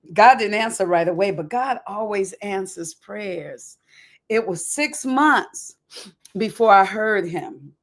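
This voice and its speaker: A woman reads from her own memoir with deep feeling. Her delivery swings from hushed, near-whispered lines to loud, raw bursts. Now and then she drops into folksy asides to her listeners. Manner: emotional, dramatic swings from quiet to loud. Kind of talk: expressive memoir reading.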